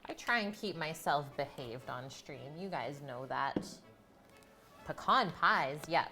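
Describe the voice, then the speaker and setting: Woman host, casual kitchen stream, relaxed slow patter to chat, soft music underneath. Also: deep voice. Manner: chatty, giggly, talks to chat viewers. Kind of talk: casual live-stream chat while cooking. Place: home kitchen.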